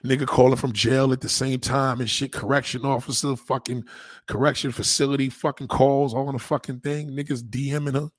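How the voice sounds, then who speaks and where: A man's voice: medium pitch, little pitch movement, fairly quick, no room sound, clean studio sound. A man hosting a casual streamed chat, talking in a crude, rambling way full of street slang. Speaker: host.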